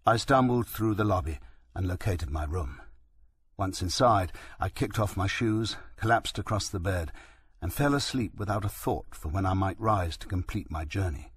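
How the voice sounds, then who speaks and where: Low husky male audiobook narrator. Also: moderate pace. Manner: steady, reflective storytelling. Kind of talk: first-person audiobook narration.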